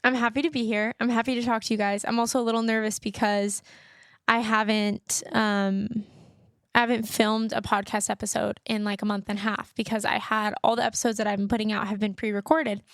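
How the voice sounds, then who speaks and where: A woman's voice: medium pitch, flat delivery, a little fast, dry recording, clean studio sound. A woman hosting her podcast in a rambling, chatty way, full of "like," recording outdoors on her phone. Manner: rambling and chatty, heavy use of "like". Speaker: podcast host. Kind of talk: casual solo chat.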